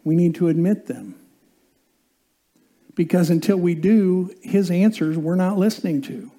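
A man's voice: high voice, unhurried, mellow. A male pastor preaching a sermon in a conversational way, often asking the congregation questions.

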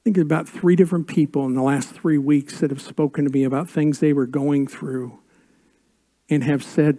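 An older man preaching a sermon as a pastor, with dramatic pauses and drops to a hush on key words. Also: fairly high pitch, slightly rough.

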